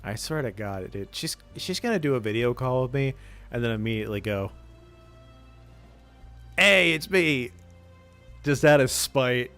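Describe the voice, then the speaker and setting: A man's voice: mid-range voice, animated, brisk, faint music behind. A man streaming casually, bantering with his chat and joking at his own expense.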